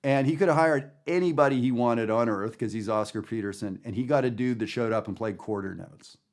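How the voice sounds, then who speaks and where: A man's voice: mid-range voice, fairly quick. A man teaching jazz in a guided listening lesson, talking in an enthusiastic, chatty way with many fillers. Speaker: jazz educator.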